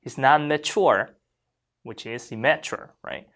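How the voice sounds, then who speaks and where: A Korean language teacher explaining grammar to learners, modeling phrases slowly so students can repeat them and checking in with frequent questions. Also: medium pitch. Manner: lively, questioning classroom delivery.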